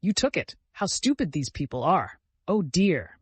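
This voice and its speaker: A man voicing a desperate, consumptive mother who pleads and accuses in shrill, hoarse outbursts. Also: very animated, a little slow, no echo, full character voice. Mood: desperate pleading.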